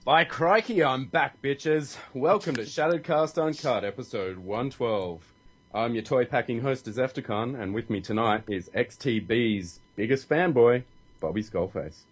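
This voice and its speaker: A man's voice: medium pitch, expressive, moderate pace, husky. A man hosting a podcast, introducing his co-hosts with joking nicknames in casual chat. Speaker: podcast host.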